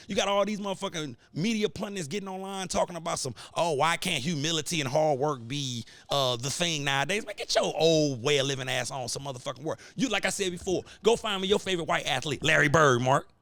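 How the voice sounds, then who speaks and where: A man's voice: a little high, a bit bright, no room sound. A man hosting a podcast, delivering a heated, profane, preachy sports rant in AAVE. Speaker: podcast host. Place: cigar lounge studio.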